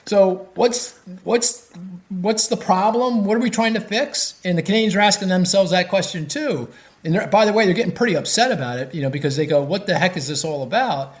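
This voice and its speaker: Animated economist, lively pitch. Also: male voice, a little fast. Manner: animated, thinks aloud with fillers and restarts. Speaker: economist guest. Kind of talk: podcast interview.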